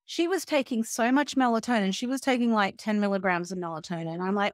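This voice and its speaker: A woman's voice: medium pitch, fast talker, no room sound, clean studio sound. A middle-aged woman, a health and wellness coach, talking in a casual interview and acting out sarcastic quotes. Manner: animated, acts out quoted voices, sarcastic asides.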